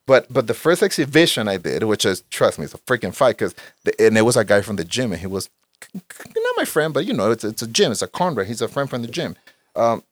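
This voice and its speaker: A man in his forties, a guest in casual conversation, telling stories in an animated, profane way and saying "bro" constantly. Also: medium pitch, fast talker, dry recording. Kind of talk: casual storytelling.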